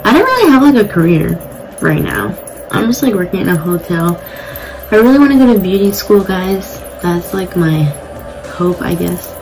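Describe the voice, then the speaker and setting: A woman's voice: fairly low pitch, very animated, normal speed, poor audio. Chatty, blunt young woman vlogger. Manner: chatty, blunt, swears casually. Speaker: beauty vlogger. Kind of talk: casual get-ready-with-me chat. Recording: music playing behind the voice. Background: music.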